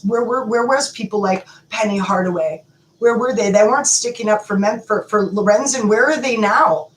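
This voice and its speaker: A woman's voice: fairly high pitch, roomy sound, slight background noise, poor audio. A woman in an impassioned, profane rant, repeating her words for emphasis as she calls for justice. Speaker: advocate calling for justice. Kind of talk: impassioned direct-to-camera rant.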